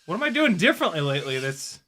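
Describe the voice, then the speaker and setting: A young man giving casual running commentary while flying a drone, excitable, often exclaiming and laughing, swearing casually. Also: a little high, fast, a little hiss or hum. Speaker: FPV drone pilot and video host.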